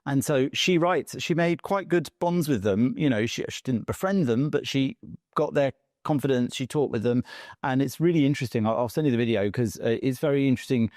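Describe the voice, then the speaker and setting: A man in casual conversation, recounting someone else's work in a halting way with frequent restarts. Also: mid-range voice, a little mellow, no echo, studio quality.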